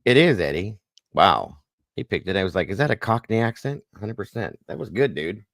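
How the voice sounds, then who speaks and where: A man's voice: fairly low pitch, lively intonation, moderate pace, fairly bright tone, no echo, clean studio sound. A man hosting a casual livestream chat, goofy and corny, greeting viewers by name. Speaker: livestream host.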